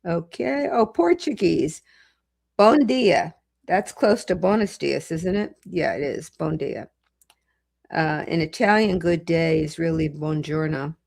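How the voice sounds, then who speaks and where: A middle-aged woman hosting a livestream, chatting casually with viewers as she reads comments and slowly sounds out foreign greetings. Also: low-pitched, lively intonation, creaky, a little mellow. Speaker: legal commentator and livestream host.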